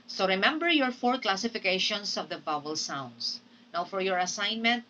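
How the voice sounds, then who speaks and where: A woman teacher giving a recorded phonetics lecture, speaking deliberately and often checking in with her students. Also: fairly low pitch, bright, forceful tone, distant mic, a little hiss or hum, poor audio. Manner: slow, deliberate, checks in with "okay?". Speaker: English teacher.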